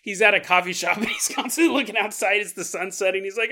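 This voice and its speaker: Talking fast in a high-pitched, sharp voice, a man runs a paranormal podcast as a loose, funny monologue. He laughs frequently and acts out the voices he's quoting.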